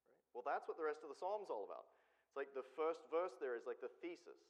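A man's voice: a little high, expressive, quick pace. Preacher man in a reverberant hall. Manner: conversational, asks the congregation questions. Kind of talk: sermon. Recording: dull sound with long hall reverb.

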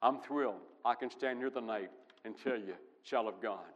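A male pastor preaching with emphatic force, his voice ringing in a long hall reverb. He swings from loud, driving passages to hushed, low ones. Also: normal speed, highs cut off. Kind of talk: sermon.

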